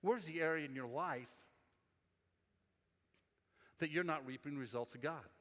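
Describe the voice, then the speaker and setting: A man preaching with a high, bright voice that rings out through a large hall's long reverb. He talks to the congregation conversationally, telling stories and repeating phrases for emphasis. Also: unhurried. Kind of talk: sermon.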